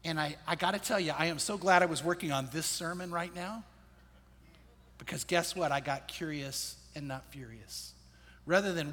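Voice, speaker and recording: A man's voice: fairly high pitch, normal speed, a bit bright. A man preaching a sermon in a conversational, storytelling way, repeating his key phrases. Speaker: pastor. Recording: long hall reverb.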